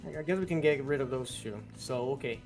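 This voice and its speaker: A man's voice: medium pitch, darkish tone, faint music behind. A man co-hosting a podcast in casual chat, often stumbling and restarting as he talks. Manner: halting, restarts, teasing.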